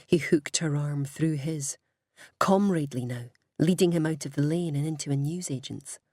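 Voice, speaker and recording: Woman reading a story, low husky voice, dead dry sound. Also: normal speed, darkish tone, dry recording. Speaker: audiobook reader. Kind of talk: storybook narration.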